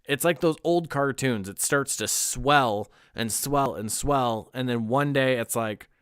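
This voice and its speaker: A man's voice: medium pitch, unhurried, fairly bright tone, smooth, dry recording, clean studio sound. A young man chatting casually on a livestream, candid and rambling, swearing now and then and laughing often. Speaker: streamer.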